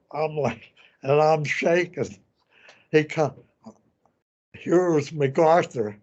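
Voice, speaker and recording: An elderly man in his nineties, a veteran telling his story in an oral history interview, halting and repeating words as he goes. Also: fairly high pitch, a little mellow, lo-fi sound. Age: 90s. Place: veterans center room.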